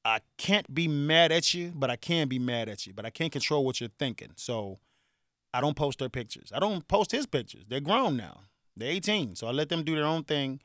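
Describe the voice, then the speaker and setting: A man in his forties from Chicago with a Chicago accent, hosting a casual solo podcast, animated and joking, laughing often. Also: medium pitch, no room sound, clean studio sound. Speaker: podcast host.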